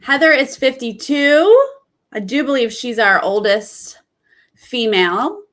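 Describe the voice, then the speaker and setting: A woman's voice: on the high side, lively intonation, slow pace, a bit bright. A woman hosting a casual reaction vlog, reading out cast bios and giving candid, chatty comments on each. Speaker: reality TV commentator.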